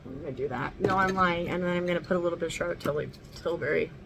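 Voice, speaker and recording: A woman's voice: on the low side, very fast, gravelly, background noise. A woman chatting casually through a makeup tutorial at home, rambling and swearing now and then. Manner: talks sweetly to her dog. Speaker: makeup vlogger.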